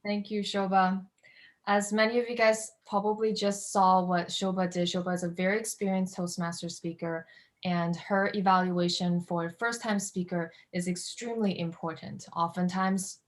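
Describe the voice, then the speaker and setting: A woman hosts a club meeting over a video call. Her voice sits slightly low, and she sounds upbeat and instructive as she introduces each evaluator. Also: fairly even intonation, normal speed. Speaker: meeting facilitator.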